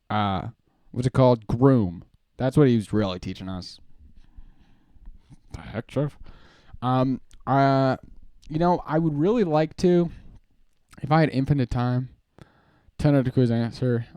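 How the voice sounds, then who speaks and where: A man's voice: medium pitch, warm tone, dry recording. A young man hosting a live stream, chatting casually in a rambling, joking way and often laughing. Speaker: streamer host.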